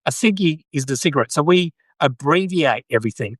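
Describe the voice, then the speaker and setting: A man's voice: on the high side, expressive, a little fast, fairly bright tone, dry recording. An Australian man from Sydney, hosting a casual live-stream chat, rambling and chatty as he answers viewer comments. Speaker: podcast host.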